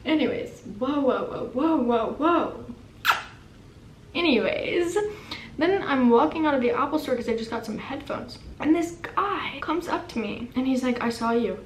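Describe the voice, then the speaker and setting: A woman's voice: high-pitched, normal speed, slight background noise. Chatty young woman, echoey room. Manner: chatty, animated, self-deprecating. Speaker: vlogger. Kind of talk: casual storytime chat. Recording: echoey room with faint ambience.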